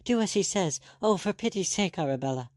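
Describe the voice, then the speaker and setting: A man's voice: high-pitched, big pitch swings, fairly quick, a little mellow, no echo, voice pushed up. A frightened young girl, pleading through sobs in a raised, strained voice, as a man narrating a storybook puts her on. The voice sits well above his own and is recorded dry and close. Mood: tearful. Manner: pleading, tearful.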